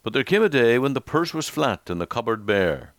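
A male preacher telling an illustrative story in a measured, solemn sermon style. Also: mid-range voice, big pitch swings, dry recording, clean studio sound.

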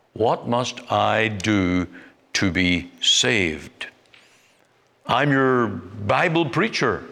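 A man preaching a sermon as a Bible preacher, deliberate and emphatic, with long pauses between phrases. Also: medium pitch, gravelly, a bit bright. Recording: long hall reverb.

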